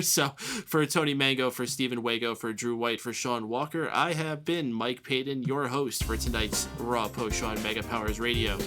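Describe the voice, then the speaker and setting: A man hosting a wrestling talk podcast, laughing often between jokes and reading out the closing plugs in a brisk announcer style. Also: mid-range voice, bright, forceful tone. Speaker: podcast host. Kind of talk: casual radio-show banter and closing plugs.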